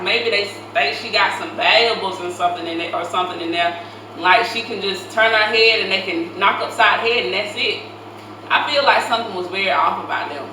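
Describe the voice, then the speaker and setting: Blunt woman co-host in a roomy space. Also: mid-range voice. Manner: casual, blunt, heavy use of "like". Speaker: co-host, host's sister. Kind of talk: casual reaction chat. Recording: echoey room, mic at distance, faint noise.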